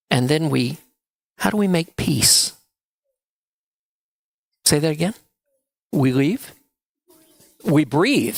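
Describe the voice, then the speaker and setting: A man's voice: on the high side, fairly bright tone, dry recording. A man leading a children's story time in church, asking the children playful questions. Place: church sanctuary.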